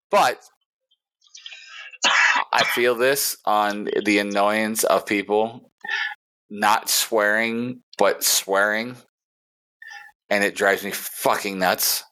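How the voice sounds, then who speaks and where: A man's voice: fairly low pitch, sharp tone. A man hosting a casual podcast, reading posts aloud and ranting with lots of swearing and laughter. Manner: profane, ranting, laughs often. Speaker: podcast host.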